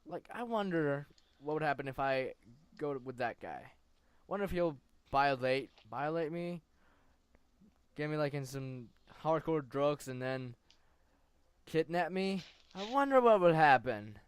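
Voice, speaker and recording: A man's voice: a little high, unhurried, long pauses, clean tone, no echo. A man co-hosting a casual podcast, teasing and swearing offhandedly. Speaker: podcast co-host.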